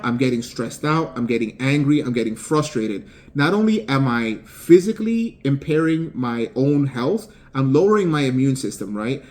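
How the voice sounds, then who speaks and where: A man's voice: medium pitch, darkish tone. A man with an ordinary, mid-range voice talks through a motivational lesson in an unscripted, conversational way. He rambles, repeats words and leans on fillers as he thinks aloud about his work as a writer and game maker. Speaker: author and game developer. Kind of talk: casual motivational monologue.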